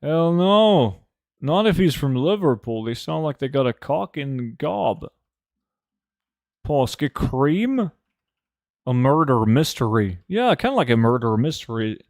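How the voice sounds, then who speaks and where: A man's voice: medium pitch, expressive, moderate pace, darkish tone, dry recording, clean studio sound. A young man from Norway chatting casually with friends while gaming, joking and swearing as he rambles. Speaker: streamer.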